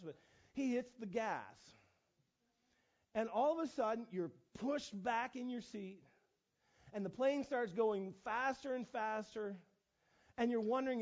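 Middle-aged male pastor with a high voice, telling stories in his sermon, animated and self-deprecating, on a dull lo-fi recording. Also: moderate pace. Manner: animated, self-mocking, lots of restarts and fillers. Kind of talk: storytelling sermon.

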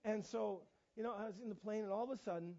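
A middle-aged man preaching a storytelling sermon, animated and self-mocking, with many restarts and fillers. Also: high voice, fast, creaky. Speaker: pastor. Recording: dull lo-fi recording.

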